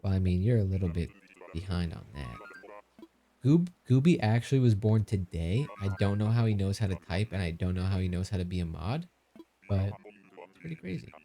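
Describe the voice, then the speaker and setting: Man, 30s, relaxed streamer banter, lowish mellow voice, faint background music. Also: fairly quick. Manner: joking, reads chat aloud, laughs often. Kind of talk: casual live-stream chat.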